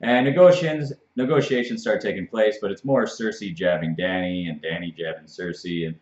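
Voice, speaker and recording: A man with a very deep voice retells a TV episode in a loose, chatty way and slips into the characters' lines as he goes. The sound is dull and lo-fi, and the room echoes around him. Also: a little fast, a little mellow. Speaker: show co-host. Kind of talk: casual TV recap chat.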